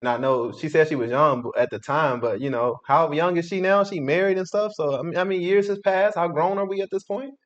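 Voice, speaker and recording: Fast, preachy male commentator, a bit high-pitched, muffled lo-fi recording. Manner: opinionated, preachy, quick-talking. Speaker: reaction host. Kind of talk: casual commentary.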